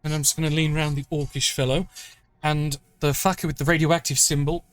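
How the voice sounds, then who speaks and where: Male player, a bit high-pitched, blunt and sweary. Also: flat delivery, a little fast. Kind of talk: casual tabletop play.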